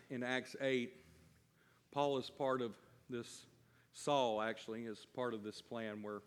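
A man's voice: mid-range voice, long reverb tail. A man preaching a sermon to his congregation, reading scripture and stretching out key phrases with rising emphasis. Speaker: pastor.

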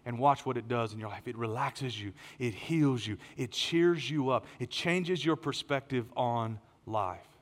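A middle-aged man preaching a sermon as pastor, telling stories in a lively way with louder, higher bursts. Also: unhurried, hardly any pauses. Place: church auditorium. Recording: long hall reverb.

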